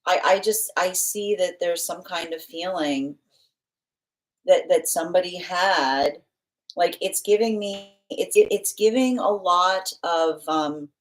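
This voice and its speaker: Woman, lowish voice, live tarot reading, rambling, lots of fillers and restarts, acts out quotes. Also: slow. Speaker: tarot reader.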